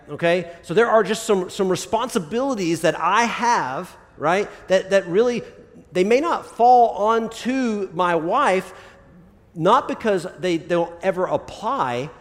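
A man preaching a casual, conversational sermon as a pastor, often checking in with his listeners with "right?" and "okay?". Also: on the high side. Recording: long reverb of a large hall.

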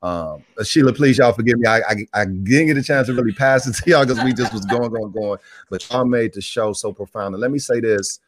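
A man's voice: medium pitch, fairly quick, few pauses. A pastor preaching on a live church broadcast, exhorting his people and repeating phrases as he calls out to the room.

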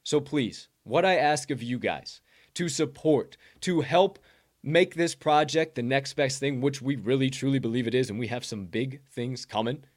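A young man who makes NFT content hosts a casual livestream, pumped up and preachy, cursing through a promotional rant. His voice is mid-pitched and his pace is normal.

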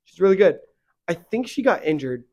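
With a high voice and a fairly quick pace, this young man co-hosts a faith podcast. Casual and rambling, he leans on fillers and gets worked up when he vents.

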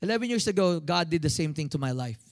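Filipino male pastor in his thirties, higher-pitched, animated preacher who prods the congregation to respond. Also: fast talker. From Philippines. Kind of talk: sermon.

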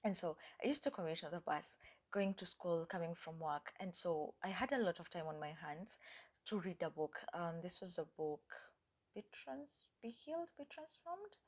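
A woman's voice: fairly low pitch, sing-song, normal speed, a little mellow. A young woman hosting a podcast, telling her personal faith story in an earnest, reflective way, with fillers and at times dropping almost to a whisper. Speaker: podcast host. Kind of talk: personal faith testimony, casual talk.

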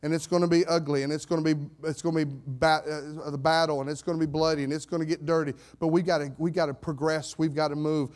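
Man, pastor, high-pitched, fiery preaching that drops to calm reading. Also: fast, hardly any pauses. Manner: swings from shouted declarations to low, steady scripture reading. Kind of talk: sermon.

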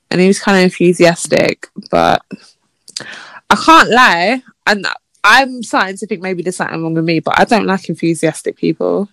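This woman's voice is a bit bright and recorded dry. As a podcast co-host, she chats and tells stories, mimicking messages in a high, mocking tone.

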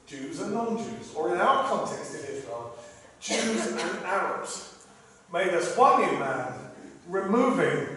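A man's voice: high-pitched, fairly bright tone. A man from England preaches in a large, echoing hall, his slightly raised voice carrying from a distance from the mic. He quotes scripture dramatically and drops in joking asides. A faint hum of room noise sits underneath. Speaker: pastor. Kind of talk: sermon. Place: church hall. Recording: echoey hall, speaker far from mic.

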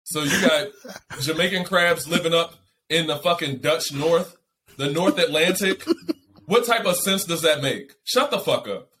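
A man co-hosting a podcast from home, talking bluntly and profanely in an animated rant. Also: fairly high pitch, unhurried, a little hiss or hum. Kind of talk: casual chat.

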